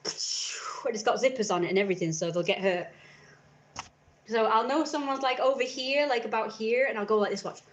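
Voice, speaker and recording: A woman's voice: a little high, brisk. A young woman chatting casually on a home live stream, rambling and acting out little scenes with sudden squeals. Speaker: vlogger. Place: at home indoors. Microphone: camera mic.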